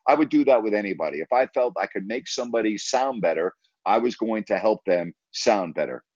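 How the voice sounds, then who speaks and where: Low-voiced man telling a story. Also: animated, fairly quick, darkish tone, no room sound. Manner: emphatic, retells conversations with repeated "I said". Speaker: former team broadcaster. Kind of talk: casual storytelling in an interview. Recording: dry, slightly dull audio.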